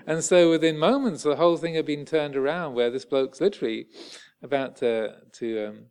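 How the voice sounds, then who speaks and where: A man, a Buddhist monk giving a dharma talk in a halting way with many pauses and restarts. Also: fairly high pitch, darkish tone, smooth.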